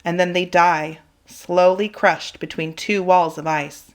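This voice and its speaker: A woman reading a children's chapter book aloud in an expressive, dramatic way. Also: on the low side, normal speed, few pauses. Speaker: reader for children. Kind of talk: storybook read-aloud.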